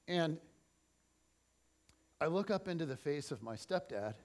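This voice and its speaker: Animated pastor, a man with a higher voice. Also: unhurried. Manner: animated, swings between loud and soft. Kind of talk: sermon with personal storytelling. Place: church.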